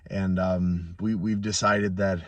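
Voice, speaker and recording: Casting: thirties man, low voice, halting casual storyteller, a bit off-mic, dry. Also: no echo, distant mic, dull audio. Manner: halting, many restarts and fillers, excitable when telling good news. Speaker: pro fighter vlogger.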